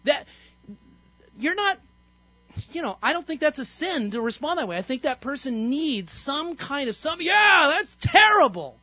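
A man's voice: very high-pitched, lively intonation, moderate pace, long pauses, no echo, dull audio. A man, a pastor, giving an interactive sermon in a conversational, playful way and quizzing the congregation. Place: church sanctuary.

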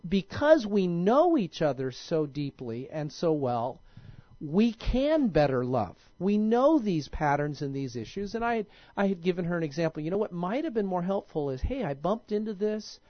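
A man's voice: high-pitched, sing-song, normal speed, no room sound. A male pastor preaching in a casual, conversational way, often stopping and restarting his sentences. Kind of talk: sermon. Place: church. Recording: dull lo-fi recording.

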